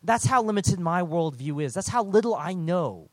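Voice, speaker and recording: A man's voice: sits high, expressive, normal speed, a little mellow, dry recording. A man preaching an earnest, conversational sermon with self-deprecating asides.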